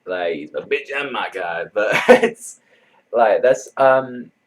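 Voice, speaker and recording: A man's voice: lowish voice, animated, takes it slowly, slight background noise, low-quality recording. A man giving a casual, rambling anime episode review, full of fillers like "you know" and "like" and loose swearing.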